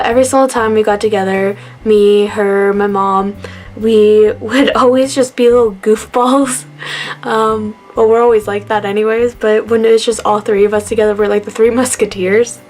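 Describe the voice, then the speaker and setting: A woman's voice: medium pitch, a little mellow. Tearful young woman, rambling. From Canada. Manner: rambling, laughing through sadness, many fillers. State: emotional, near tears. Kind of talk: tearful tribute vlog.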